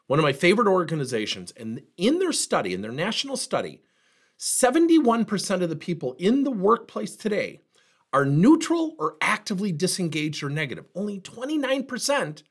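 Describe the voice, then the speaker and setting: A man's voice: high voice, breathy edge. A middle-aged man giving a motivational workplace training talk, telling stories and acting out the dialogue in them. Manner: animated storyteller, plays out dialogue.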